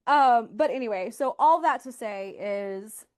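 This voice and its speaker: In an unhurried but animated way, a woman with a fairly high voice hosts a podcast. Her casual storytelling is frank and loaded with "like."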